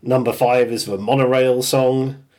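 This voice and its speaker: A British man hosting a casual podcast, talking at a middling pitch. He is chatty and breaks into laughs as he runs down a list of favourite moments. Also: fairly even intonation, unhurried, a little mellow. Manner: chatty, laughs often while listing quotes. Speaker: podcast host. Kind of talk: casual chat.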